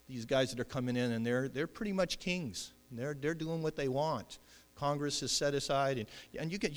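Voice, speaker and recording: A man's voice: medium pitch, fairly bright tone, big-room sound. A man preaching a sermon as pastor, talking in a loose conversational way with many fillers and restarts.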